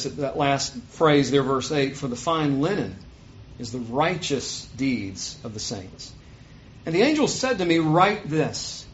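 High-voiced preacher, booming. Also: male voice. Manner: booming on scripture, drops low and quick for asides. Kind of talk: sermon with scripture reading. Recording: dull lo-fi sound.

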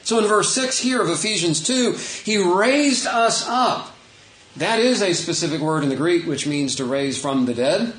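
Man preaching in an echoey room. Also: high voice. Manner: unscripted, swings between emphatic and quiet asides. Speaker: pastor. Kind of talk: conversational sermon.

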